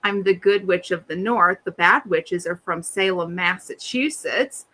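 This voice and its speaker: Bright, animated middle-aged woman storyteller. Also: lowish voice, a little slow. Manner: animated, acts out quoted voices. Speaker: podcast co-host. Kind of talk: casual storytelling chat.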